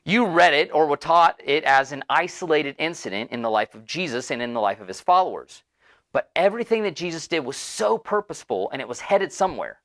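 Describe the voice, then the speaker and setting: A man's voice: fairly high pitch, fairly bright tone. A man preaching a sermon in a casual, conversational, storytelling way with frequent asides. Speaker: pastor.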